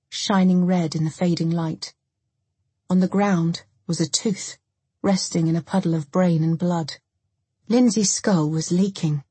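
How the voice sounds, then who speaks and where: A woman with a low, very breathy and husky voice tells a dark story in a steady, measured way. The sound is close and dry, with no room echo at all. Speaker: audiobook narrator. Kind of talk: scripted narration.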